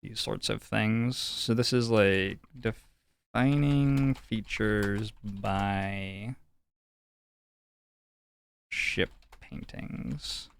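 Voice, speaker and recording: A man's voice: on the low side, drawn-out words, gravelly, pauses often, clean tone, dry recording. A man streaming a detective game, thinking aloud in a playful, joking way as he comments on what he finds. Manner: playful, jokey musing aloud. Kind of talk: casual gameplay commentary.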